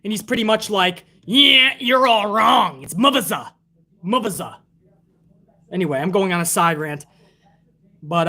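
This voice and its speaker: A man's voice: sits high, fairly bright tone. A man reviewing a wrestling show on a live stream, ranting casually with heavy swearing and sarcasm while reading out viewer tips.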